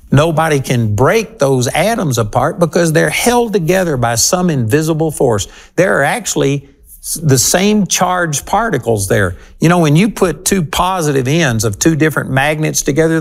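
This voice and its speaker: A man's voice: on the high side, sing-song, moderate pace, creaky. Emphatic male TV Bible teacher. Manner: emphatic, talking straight to listeners. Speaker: Bible teacher hosting a broadcast program.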